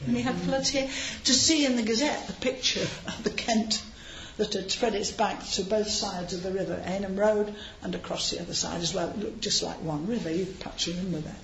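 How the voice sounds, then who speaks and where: A woman delivers an informal sermon in a conversational, storytelling manner, wandering into asides as she goes. Her voice sits at a middling pitch. The recording carries the echo of a large hall, a slightly muffled tone and a faint background hum. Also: steady tone, a little fast, gravelly, few pauses, fairly bright tone. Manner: chatty, anecdotal, with frequent asides and light laughs. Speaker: preacher.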